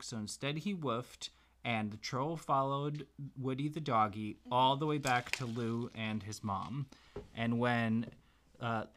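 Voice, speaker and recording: A man gently making up a bedtime story for his child, pausing as he thinks of what comes next. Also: mid-range voice. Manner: gentle, unhurried, makes the tale up as he goes. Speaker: parent telling a story.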